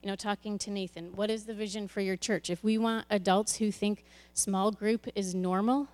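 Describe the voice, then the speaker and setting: A woman's voice: medium pitch, steady tone, moderate pace, darkish tone. Candid woman sharing a church testimony. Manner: candid, conversational, with frequent restarts. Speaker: children's ministry leader. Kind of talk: personal testimony to a congregation.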